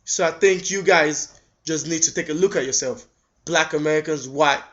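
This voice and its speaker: A man with a slightly high, somewhat bright voice speaks at a moderate pace in an indignant video response, firing off rhetorical questions and tripping over repeated words. He's a vlogger on a webcam mic, and the audio is dull and lo-fi.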